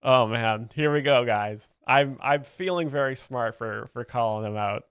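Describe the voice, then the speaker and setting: A man's voice: medium pitch, normal speed, a bit bright, clean tone, no room sound. A man hosting a livestream, chatting and laughing as he explains a comedy clip, on a close mic. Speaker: host reacting to a comedy clip. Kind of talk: livestream commentary.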